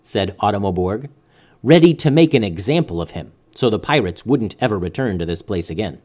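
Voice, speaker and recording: Male host reading a kids' story, lively melodic delivery, expressive. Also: fairly low pitch, a little fast. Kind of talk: bedtime story narration.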